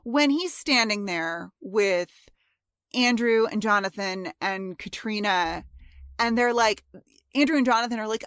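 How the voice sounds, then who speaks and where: Higher-voiced woman, halting podcast chat. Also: a bit bright, dry recording, studio quality. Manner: halting, searching for words, swears casually. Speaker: podcast co-host. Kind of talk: casual chat.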